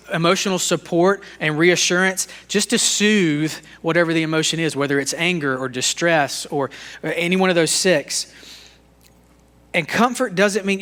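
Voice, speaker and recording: Bright-toned earnest man teaching leadership. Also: fairly high pitch. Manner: earnest, conversational, self-disclosing; repeats words and restarts sentences. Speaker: podcast co-host. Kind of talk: faith-based leadership teaching.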